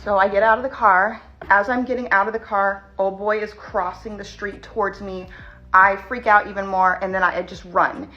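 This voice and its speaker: Shaken woman telling a scary story fast and tense, lots of "like", slightly dull sound. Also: medium pitch, fairly bright tone. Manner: tense, rushed retelling full of "like". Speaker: vlogger. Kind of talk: storytime vlog.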